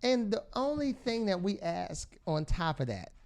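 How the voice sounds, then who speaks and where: A man's voice: high-pitched, very animated, measured pace, gravelly, a little mellow. A man co-hosting a podcast in casual chat, teasing and laughing often. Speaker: podcast co-host.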